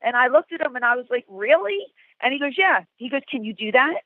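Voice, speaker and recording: A middle-aged woman, a guest, telling animated stories and acting out the quotes. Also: sits high, fast talker, no echo. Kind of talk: storytelling interview. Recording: tinny phone-like call, dry.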